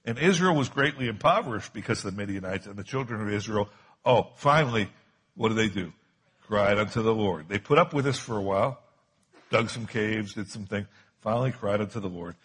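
A man preaching a sermon with a husky, slightly breathy voice. He is emphatic and drives his points home by repeating key phrases. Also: on the low side, a bit bright. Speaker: pastor.

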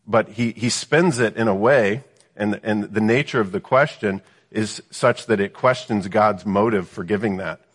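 Low husky preacher in a reverberant hall. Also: male voice, normal speed. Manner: reads scripture then explains it, with frequent rhetorical "right?" questions. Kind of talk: Bible teaching sermon.

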